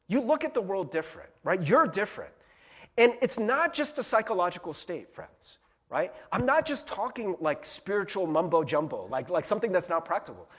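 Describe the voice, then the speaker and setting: A husky, fairly high-voiced man preaches in a loose, conversational way. His pitch swings widely as he acts out little scenes and keeps asking his listeners "right?". It sounds like a friendly talk rather than a formal sermon. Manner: casual, chatty preaching with many "right?" asides and playful impressions. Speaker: pastor.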